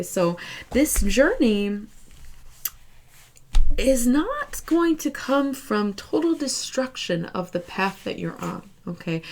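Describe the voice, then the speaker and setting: A woman giving a casual tarot reading to her viewers, chatty and encouraging, often checking in with "okay?" and "right?", slowing down to stress her advice. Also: mid-range voice, vocal fry. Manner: slow, emphatic encouragement. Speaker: tarot reader.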